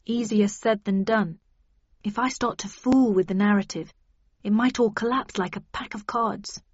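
A woman reading a weary, brooding male detective in an audiobook, often slow and sometimes hushed. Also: mid-range voice, slightly rough, no room sound, dull audio, close to an everyday voice. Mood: doubtful.

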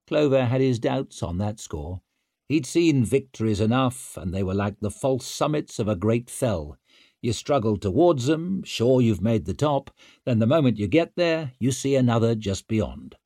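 A man reads an audiobook in a steady, measured way, with a mid-pitched voice. The recording is dry and close, with no room sound. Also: dry recording. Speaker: narrator. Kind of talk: audiobook narration.

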